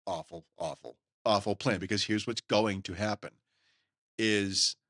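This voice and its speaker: A middle-aged man hosting a podcast, talking in an emphatic, folksy, opinionated way and mimicking others in quick asides. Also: on the low side, fairly bright tone, no room sound, clean studio sound. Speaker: podcast host. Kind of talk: opinionated solo podcast talk.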